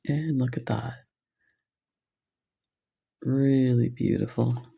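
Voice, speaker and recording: A woman hosting a beading video, gushing and excited as she shows off new beads, laughing often. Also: a bass voice, takes it slowly, gravelly, slightly rough, highs cut off. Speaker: beading channel host. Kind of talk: casual product showcase vlog.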